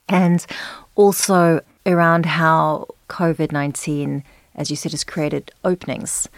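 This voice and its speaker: A woman hosting a podcast, asking long, measured interview questions. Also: sits low, dry recording. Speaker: podcast host.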